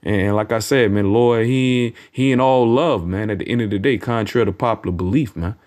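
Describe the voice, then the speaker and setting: This man's voice sits on the low side with a darkish tone. Preaching from scripture on the street, he's informal, blunt, and profane, drawing out verses with emphasis and peppering his lines with "man" and "you know what I'm saying."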